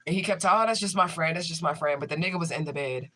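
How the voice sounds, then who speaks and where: A man's voice: high voice, racing, bright, forceful tone. A man, a tarot reader, chatting casually and profanely to his livestream viewers.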